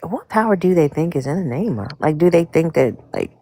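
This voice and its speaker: A woman's voice: deep voice, sing-song, fairly quick, warm tone. A woman co-hosting a casual chat in a blunt, skeptical way, swearing freely.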